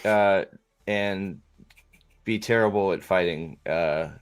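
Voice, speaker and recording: A man with a fairly low voice hosts a casual reaction video. He rambles and restarts his sentences and wanders off into loose asides as he thinks out loud. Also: takes it slowly, clear, resonant tone, no room sound.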